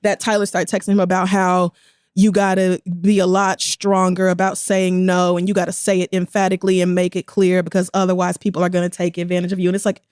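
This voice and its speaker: A woman's voice: on the low side, completely flat delivery, quick pace, darkish tone, clean tone, no echo, clean studio sound. A woman, co-hosting a casual podcast and telling a story with indignation and quoted voices. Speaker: podcast co-host.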